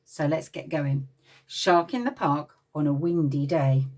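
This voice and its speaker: A low-pitched woman's voice, captured from a distance, reads a picture book for small children at playgroup in an English accent. Her storytime is animated and expressive, and she pauses frequently to talk with the kids and invite them to take part.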